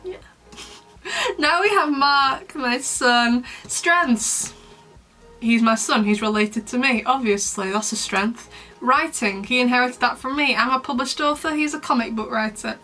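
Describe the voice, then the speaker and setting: Bright, chatty young woman. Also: a little high, a little slow, faint music behind. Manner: chatty, dramatic, playfully mean. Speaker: YouTuber, host. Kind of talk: casual commentary vlog.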